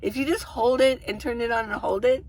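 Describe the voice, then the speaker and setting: A woman's voice: on the high side, brisk, a little mellow. A middle-aged woman vlogger chatting casually and rambling as she shows the inside of her minivan, with a camera held in her hand. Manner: chatty, rambling, laughs often.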